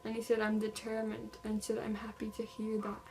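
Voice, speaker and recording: Flat-voiced young woman retelling a story. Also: on the high side, fairly quick, gravelly, soft background music, rough recording. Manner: reads text messages aloud in a flat storytelling way, with many "like" fillers. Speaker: vlogger. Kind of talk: casual true-crime retelling.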